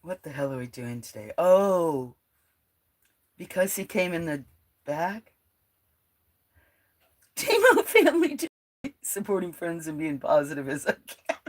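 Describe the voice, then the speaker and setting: A woman with a croaky, frog-like voice hosting a casual livestream, rambling, laughing often and reading out her chat. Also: fairly low pitch, big pitch swings, unhurried, pauses often. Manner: chatty, rambling, laughs often, drops to a near whisper at times. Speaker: livestream host.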